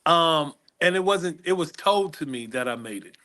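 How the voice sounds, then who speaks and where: A man's voice: a little high, very animated, normal speed, sharp tone. A man who is a comedian guest on a podcast, animatedly telling stories and acting out other people's voices over a video call. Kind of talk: podcast interview storytelling.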